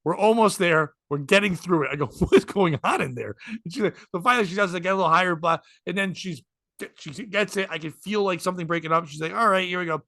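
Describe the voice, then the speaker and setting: A man with a high, bright voice tells a self-mocking story to his co-host, playing out both sides of the dialogue. The sound is dry and close, with no room in it. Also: fast, dry recording. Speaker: podcast co-host. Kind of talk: casual storytelling chat.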